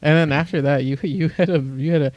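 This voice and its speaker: A man's voice: on the high side, steady tone, fast talker, no room sound, dull audio. A young man co-hosting a podcast in casual, rambling chat, joking and swearing often. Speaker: podcast co-host.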